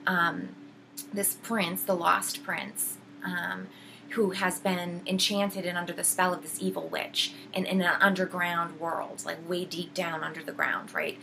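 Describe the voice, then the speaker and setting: A woman's voice: fairly low pitch, level tone, unhurried, vocal fry, bright, forceful tone, slight background noise, rough recording. A woman casually retelling a book's plot, rambling with many fillers and restarts. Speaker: video host.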